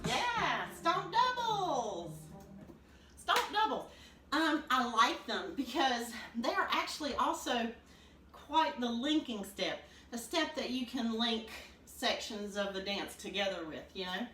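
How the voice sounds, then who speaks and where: Lively woman teaching clog steps. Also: on the high side, unhurried, recorded from a distance, over music. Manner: upbeat, counts beats aloud while stomping. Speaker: clogging dance teacher. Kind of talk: demonstrating a dance lesson. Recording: roomy, from off the mic, noisy.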